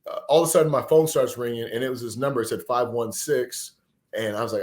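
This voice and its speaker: A man in his forties from Texas, a former pro football player and podcast guest, telling a personal story in an animated, earnest and emotional way. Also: medium pitch, fast. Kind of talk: conversational storytelling.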